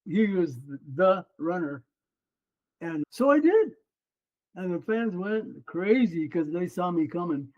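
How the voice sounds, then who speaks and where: An older man in his seventies, a former runner and coach, recounts his racing days as a podcast guest. His voice sits high for a man and stays lively throughout. The audio is slightly dull and muffled. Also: unhurried. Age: 70s. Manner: lively, animated storyteller. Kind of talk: casual storytelling interview.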